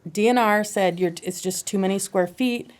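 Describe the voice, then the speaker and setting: A woman's voice: mid-range voice, normal speed. A woman who owns a bar and grill, guesting on a casual podcast and explaining her business in a practical, matter-of-fact way with a few hesitant restarts.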